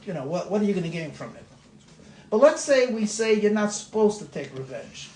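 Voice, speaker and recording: A man's voice: high voice, very animated, fairly quick, darkish tone. Man, rabbi, informal teaching talk, repeats words, roomy sound. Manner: conversational, repeats words, laughs at own examples. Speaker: rabbi leading a class discussion. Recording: echoey room with light noise.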